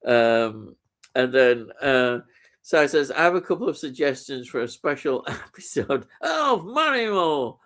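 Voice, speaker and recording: Slow-talking man reading comments. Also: medium pitch, animated, a bit bright. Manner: unhurried, lots of ums, laughs easily. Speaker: co-host reading viewer comments. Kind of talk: casual live-stream chat.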